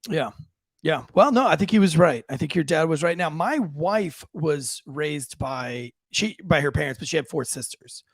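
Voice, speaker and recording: A man hosting a casual podcast chat, telling family stories and acting out quotes with lively jumps in his voice. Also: moderate pace, slightly rough, dry recording. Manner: animated, acts out quotes with big pitch jumps. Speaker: podcast host.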